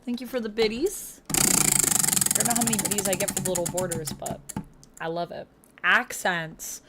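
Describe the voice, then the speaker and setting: A woman's voice: medium pitch, fairly even intonation, moderate pace, heavy background noise. A woman livestreamer in casual chat with her viewers, upbeat, thanking them and reading chat aloud into a desk streaming mic.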